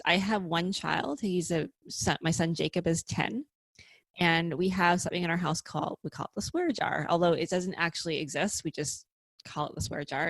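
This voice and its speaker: A woman speaking as a podcast guest over a remote call, lively and chatty with frequent "like" asides. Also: low-pitched, gravelly, no echo. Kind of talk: casual conversational interview.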